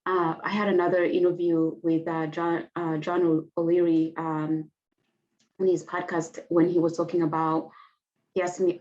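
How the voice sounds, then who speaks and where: Woman, 30s, Rwandan accent, heartfelt testimony, lower pitch, dull lo-fi recording. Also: level tone, normal speed, a little mellow. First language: Kinyarwanda. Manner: earnest, heartfelt, with hesitant restarts. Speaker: guest. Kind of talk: personal testimony in an interview. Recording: dull lo-fi audio.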